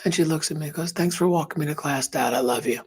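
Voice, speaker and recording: A man's voice: on the high side, quick pace, a little mellow, breathy edge. A man guesting on a podcast, telling a personal story earnestly and emotionally, dropping to a whisper at tender moments.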